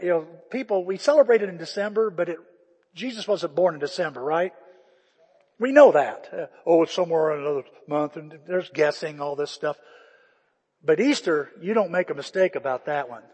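Speaking a little fast and animatedly, an older pastor preaches to his congregation in a high, slightly rough voice with a darkish tone. His conversational sermon retells scripture with feeling, echoing with a church hall's long reverb in the sanctuary.

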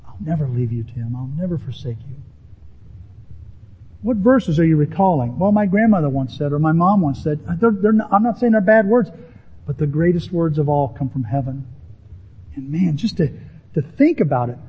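Emphatic husky man preaching a sermon. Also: normal speed. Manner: animated, emphatic preaching with rising pitch on key words. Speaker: pastor. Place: church sanctuary with a congregation. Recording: dull, lo-fi sermon audio.

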